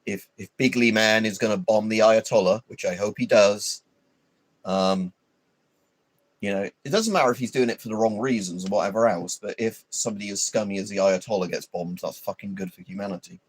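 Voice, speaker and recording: A man's voice: fairly low pitch, a little fast. A man hosting a livestream, rambling and swearing in an opinionated, casual chat full of fillers. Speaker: livestream host.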